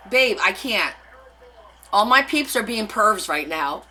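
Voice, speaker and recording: A woman's voice: medium pitch, expressive, unhurried, bright, forceful tone, slight background noise, poor audio. A woman hosting a live craft stream, chatting casually with her viewers and answering their comments as she demonstrates. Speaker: craft livestream host.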